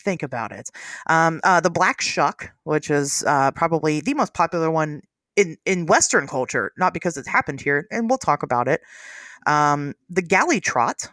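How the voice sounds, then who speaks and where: A podcast host from the United States talking in lively casual chat, laughing often. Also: medium pitch, moderate pace, no room sound, clean studio sound.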